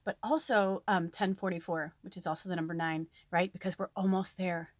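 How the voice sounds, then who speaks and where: A woman's voice: lowish voice, a little fast, no room sound, studio quality. Chatty woman giving a spiritual reading. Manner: chatty, animated, swears casually. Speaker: spiritual reader. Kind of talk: casual spiritual talk to viewers.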